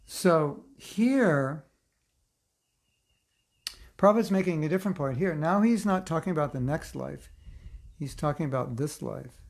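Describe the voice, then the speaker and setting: A man's voice: a little high, expressive, a little slow, gravelly, long pauses. A man teaching a casual online scripture class, reading passages aloud and breaking off into joking, chatty asides. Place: online class, seated in a chair.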